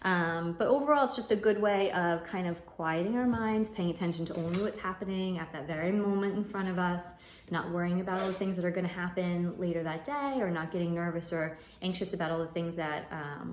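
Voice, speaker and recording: Lowish woman's voice walking kids through an activity at home, keeps asking "right?", echoey room w/ a bit of noise. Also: brisk. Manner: prompting, asks "right?" often, with fillers. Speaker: educator leading a mindfulness activity. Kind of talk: casual home lesson with children.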